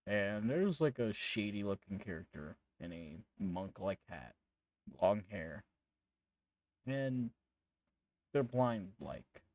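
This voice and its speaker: A man's voice: fairly low pitch, big pitch swings, takes it slowly, pauses often, darkish tone. A man narrating as game master in a tabletop game, casual and rambling, swearing freely.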